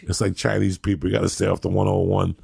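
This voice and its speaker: A deep, heavily gravelly man in his fifties spins a rambling, profane story and laughs as he goes. His voice is rough and husky, recorded dry and close on a studio microphone. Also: little pitch movement, quick pace, darkish tone, no room sound. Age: 50s. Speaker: podcast host. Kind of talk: casual storytelling chat.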